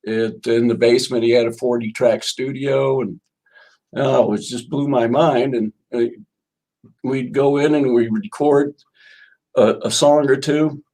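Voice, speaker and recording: A man's voice: medium pitch, fairly even intonation, unhurried, warm tone. An older man, a musician guest, telling rambling stories in an interview and reading passages from his own book. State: coughing. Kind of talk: storytelling interview.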